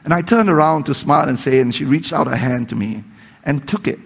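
A man preaching a sermon, retelling a story with emphatic rises and soft, hushed passages. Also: a little high, a little fast, vocal fry, breathy edge. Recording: long reverb, dull lo-fi sound.

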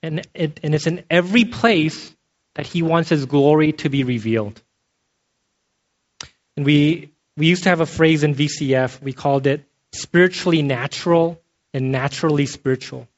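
A man gives a sermon in a relaxed, talky way, pausing now and then to ask his listeners "okay?" His voice sits a little high for a man. The recording is muffled and lo-fi. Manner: conversational, checks in with frequent "okay?". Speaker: pastor. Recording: dull lo-fi sound.

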